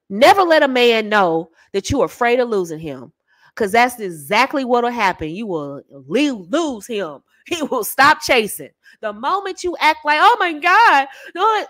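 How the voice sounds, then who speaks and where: A woman's voice: fairly high pitch, a bit bright, no echo. A woman hosting a channel as a dating coach, giving sassy, emphatic straight-talking advice and calling the listener baby and honey.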